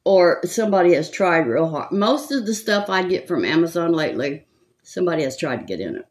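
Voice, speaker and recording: An older woman from California with a Southern accent chats casually and gossips while doing her makeup as a makeup vlogger. Her fairly low, darkish voice is animated and a little fast, and she rambles along with frequent laughs.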